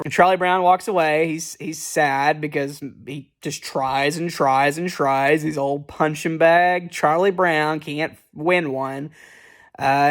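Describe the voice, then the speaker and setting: Man, casual movie recap, rambling, profane, slightly high voice. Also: moderate pace. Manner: rambling, profane, lots of fillers and restarts. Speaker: movie reviewer.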